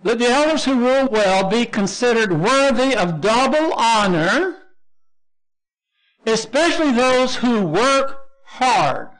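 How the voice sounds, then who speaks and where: A man's voice: very high-pitched, lively intonation, slow, a bit bright. A man with a Texan accent teaching a Bible lesson as pastor, explaining Greek words step by step and spelling them out letter by letter. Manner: explains word by word, spells out Greek terms, frequent restarts.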